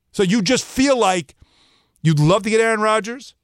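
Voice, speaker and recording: A man's voice: high voice, brisk, no echo, studio quality. A man hosting a sports talk show, talking straight to his listeners in an emphatic, opinionated monologue.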